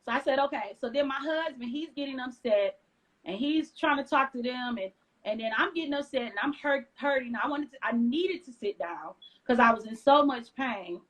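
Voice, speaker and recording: A woman from the United States, an interview guest, telling her story in an animated way and acting out what others said. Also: high-pitched, moderate pace, poor audio. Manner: lively retelling with acted-out quotes.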